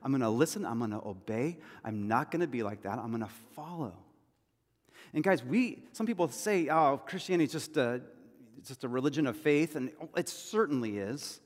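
A man's voice: medium pitch, animated, normal speed. A man preaching a sermon as pastor, talking in a loose, conversational storytelling way with asides and repeated phrases. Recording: long hall reverb.

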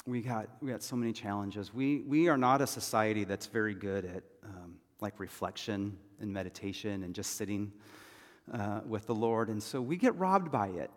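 A man preaching a sermon as pastor, moving between loud urgent pleading and soft, hushed reassurance. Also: on the low side, moderate pace, big-room sound.

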